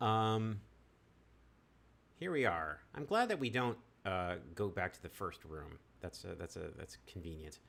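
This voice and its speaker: Lively low-voiced man reading a text game. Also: measured pace, vocal fry. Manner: chatty, laughs easily, reads the text with voices. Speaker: game streamer. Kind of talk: casual play-through chat, reading game text aloud.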